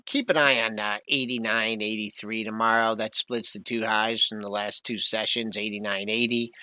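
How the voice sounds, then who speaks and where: A man's voice: on the low side, fairly even intonation, normal speed, sharp tone, no echo. A man co-hosting a live market talk show, rambling casually through price levels with asides.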